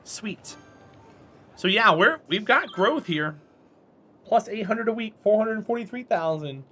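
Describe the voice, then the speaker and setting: A man's voice: sits high, expressive, measured pace, pushed and bright, faint music behind. A man chatting casually on a live stream while playing a game, rambling and answering chat.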